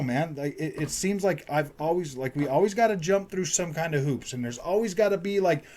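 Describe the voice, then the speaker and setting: A man's voice: on the high side, a little mellow. A man who runs a gaming and tech channel, ranting to his viewers in a frustrated way, repeating himself and saying "man" and "dude" a lot. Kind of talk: frustrated casual rant to viewers.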